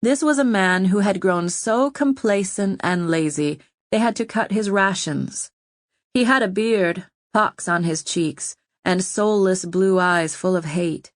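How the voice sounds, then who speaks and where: A woman narrating an audiobook in a steady storytelling manner. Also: fairly low pitch, takes it slowly, dry recording, studio quality. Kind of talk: scripted narration.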